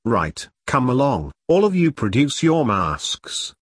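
A man reading the part of a vague, polite, gentlemanly army sergeant. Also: mid-range voice, big pitch swings, slightly rough, dry recording, clean studio sound, full character voice. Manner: polite, unhurried, mildly evasive.

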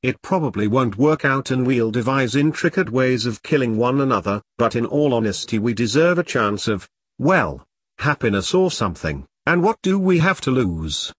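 A man's voice: medium pitch, lively intonation, moderate pace, a bit bright, husky, no room sound, studio quality. A man voicing a weary, wry, plain-spoken male ex-soldier in an audiobook. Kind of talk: audiobook character reading.

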